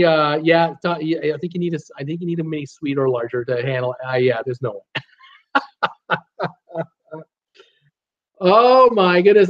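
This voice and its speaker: A man's voice: fairly high pitch, lo-fi sound. A man hosting a live stream, chatting casually, reading viewer comments aloud, joking and often breaking into laughter. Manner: laughs heavily, jokey, rambling with many restarts. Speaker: host of a live cruise Q&A stream.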